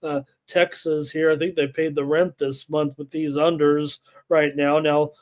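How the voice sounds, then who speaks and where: A man's voice: a little high, level tone, unhurried, a little mellow. A man hosting a live sports betting show, reading statistics, viewer chat and lineups with many filler words. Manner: rattles off numbers and lineups, many filler uhs.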